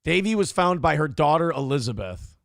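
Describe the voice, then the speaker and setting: Profane, animated man with a gravelly voice. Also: a little high, brisk, no echo, clean studio sound. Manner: profane, joking, animated riffing. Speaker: morning show co-host. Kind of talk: casual comedic banter.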